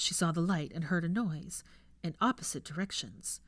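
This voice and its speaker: A woman narrating a fan fiction story in a hushed, measured reading. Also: lowish voice, lively intonation, no room sound. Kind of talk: audiobook narration.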